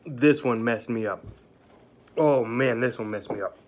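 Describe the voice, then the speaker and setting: A man's voice: mid-range voice, a little slow, a little hiss or hum. A man vlogging in a break room at work, mouth burning from a hot pepper, coughing and letting out pained exclamations. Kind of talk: casual vlog.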